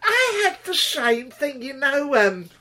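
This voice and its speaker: A man co-hosting a comic chat, egging the story on with quick agreement and crude jokes. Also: very high voice, very animated, sharp tone. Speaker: comedy podcast co-host.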